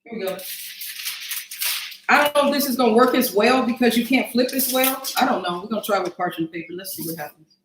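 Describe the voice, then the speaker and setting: A woman's voice: a little high, quick pace, echoey room, a little hiss or hum, poor audio. A woman hosting a casual cooking livestream, chatting to viewers as y'all and thinking aloud as she cooks in her home kitchen.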